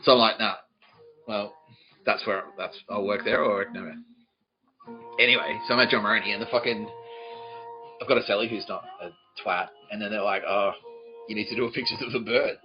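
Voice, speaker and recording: A man's voice: lowish voice, steady tone, normal speed, pauses often, dull audio, faint music behind. A man hosting a podcast, telling a profane comic story in a ranting voice and laughing at his own jokes. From Australia. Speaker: podcast host.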